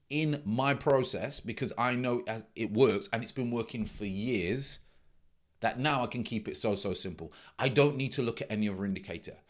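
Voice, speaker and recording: A middle-aged man, a trading mentor giving a blunt, emphatic casual monologue that repeats its key points. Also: medium pitch.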